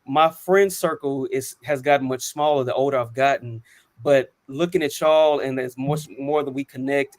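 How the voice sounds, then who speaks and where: A man's voice: mid-range voice, no echo. A man in his thirties telling personal stories on a panel talk show, earnest and reflective, with frequent ums and restarts. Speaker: co-host.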